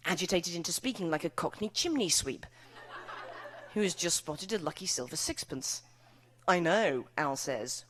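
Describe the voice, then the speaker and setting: A British woman author speaking at a live event, then reading her novel aloud with wry, bawdy comic delivery. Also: lowish voice. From United Kingdom. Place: live event before an audience.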